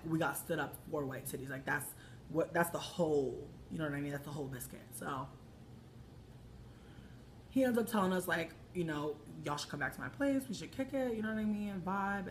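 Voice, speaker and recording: A young woman telling a casual story to the camera, brash and profane, swinging between hushed asides and loud outbursts. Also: on the low side, a little hiss or hum.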